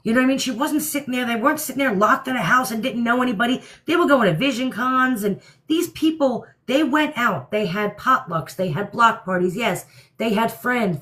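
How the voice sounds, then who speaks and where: A New Jersey woman with a New York-area accent hosts a casual livestream, answering viewer comments bluntly and with strong opinions. Her voice is a little high and a bit bright.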